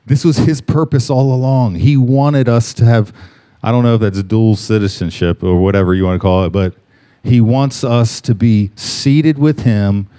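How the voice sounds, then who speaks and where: Mellow-voiced man preaching a sermon. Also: mid-range voice, clean tone. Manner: slows and stresses key words, reading scripture aloud. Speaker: pastor.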